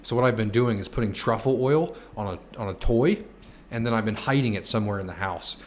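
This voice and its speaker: Slight background noise sits behind this young man's lowish, fairly quick voice. In his twenties, he answers chat questions on a casual stream, joking, cursing freely and now and then shouting.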